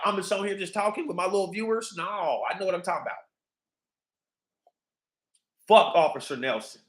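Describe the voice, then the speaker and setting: A man's voice: high-pitched, animated, quick pace, few pauses, a bit bright, reverberant. A man hosting a livestream, ranting in a heated, profane, repetitive way. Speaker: livestream host.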